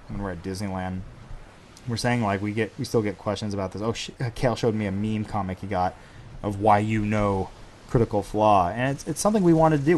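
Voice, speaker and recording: A man's voice: fairly low pitch, darkish tone, slight background noise. A man hosting a casual Q&A, answering viewer questions in a dry, sarcastic way. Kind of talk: casual Q&A chat.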